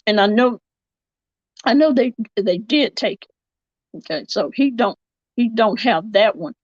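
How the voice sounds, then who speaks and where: Woman, livestream commentary, rambling and self-correcting, slow-paced, dull lo-fi audio. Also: on the high side, lively intonation, dry recording. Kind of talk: casual live-chat commentary.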